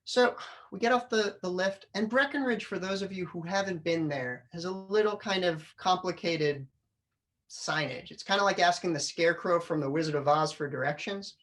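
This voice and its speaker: A middle-aged man giving a humorous storytelling speech to a club audience, animated, acting out his family's lines. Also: high-pitched, moderate pace. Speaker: public speaker. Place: club meeting room.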